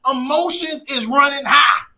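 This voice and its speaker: Shouting and preaching through an animated comedic monologue, a man adds laughing asides. His voice is extremely high and a little slow, with vocal fry.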